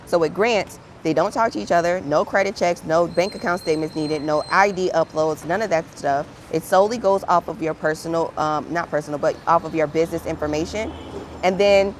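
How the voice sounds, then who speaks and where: A woman's voice: low voice, fairly quick, slight background noise. A woman hosting a livestream as a grant writer, chatting casually and encouragingly with her viewers. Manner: upbeat, encouraging, chatty, calls viewers "friend".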